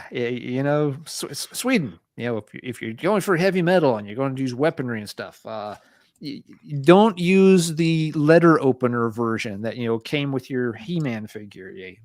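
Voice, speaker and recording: A man co-hosts a casual podcast chat, his pitch jumping around in a lively way. He rambles, stammers and tosses in swears and jokes. The voice sits close and dry on the mic. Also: normal speed, no room sound. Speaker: podcast co-host.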